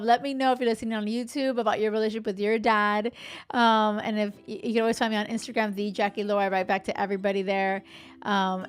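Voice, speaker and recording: A woman in her thirties, a love coach, talking casually and warmly on her podcast, rambling with fillers. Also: mid-range voice, clean tone. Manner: chatty, heartfelt, rambling with fillers.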